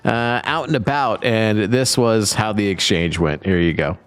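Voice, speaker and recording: A man's voice: on the low side, moderate pace, smooth, faint music behind. A man hosting a podcast in casual chat, introducing clips in an upbeat, wry way and chuckling often. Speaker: podcast host.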